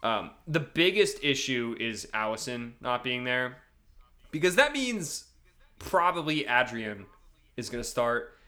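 Bright-voiced rambling football fan. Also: male voice, mid-range voice, sing-song, unhurried. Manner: rambling, many restarts and fillers. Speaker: podcast co-host, Liverpool supporter. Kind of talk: casual football chat.

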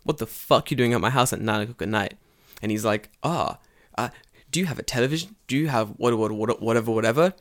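A man's voice: mid-range voice, fast talker. An Englishman co-hosting a podcast, telling a profane story in casual chat and acting out the people he quotes. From England. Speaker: podcast co-host.

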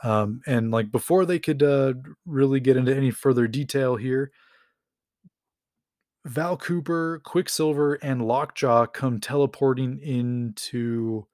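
A man's voice: medium pitch, measured pace, darkish tone, dry recording, clean studio sound. Rambling man recapping comics. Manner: rambling, with lots of fillers and chuckles. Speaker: podcast host. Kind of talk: casual comic book recap.

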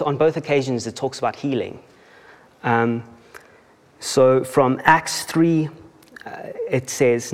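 A South African man shares his testimony from a church stage, his voice carrying a long reverb off the hall. He keeps it conversational and self-deprecating, laughing at himself and stumbling into restarts. His pitch sits in an ordinary middle range for a man. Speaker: church member giving a testimony.

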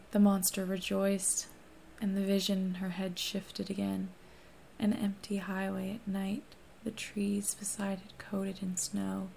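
A woman reading a first-person novel aloud in a hushed, steady narration that often drops to a whisper. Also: mid-range voice, vocal fry, slight background noise. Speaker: audiobook reader.

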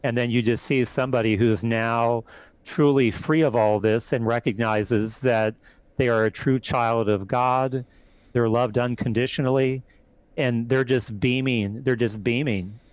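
Calm man, measured priestly storyteller. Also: medium pitch, smooth, no echo, low-quality recording. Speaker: priest exorcist guest. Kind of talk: interview storytelling.

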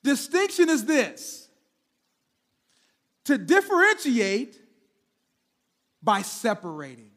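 A man preaching a sermon as senior pastor, talking straight to his congregation, often repeating words and swinging between loud emphasis and hushed, stretched-out words. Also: very high-pitched, huge pitch swings, slow, long pauses.

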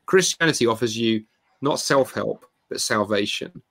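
A guest author chats casually and with lots of energy, performing the quoted dialogue in his stories. His voice is mid-range and his pace is normal.

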